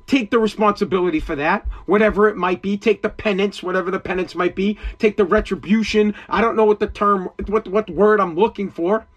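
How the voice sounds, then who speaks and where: A man's voice: sits high, fairly bright tone. A man hosting his own podcast, ranting angrily and profanely about responsibility, repeating himself as he gets worked up. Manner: profane, heated, repetitive. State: agitated. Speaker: podcast host. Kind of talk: angry ranting monologue.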